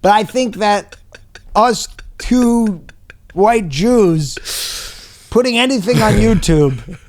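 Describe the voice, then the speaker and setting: A man's voice: sits high, expressive, slow pace, a little mellow. A man, a comedian guest on a podcast, riffing playfully and trailing off mid-thought. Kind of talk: casual comedic chat.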